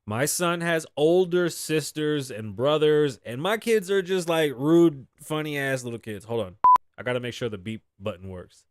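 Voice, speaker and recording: Profane, animated man hosting a live show. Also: on the high side, normal speed, dry recording. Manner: profane, animated storytelling with sighs and laughs. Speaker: host. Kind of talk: casual live show monologue. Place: Las Vegas.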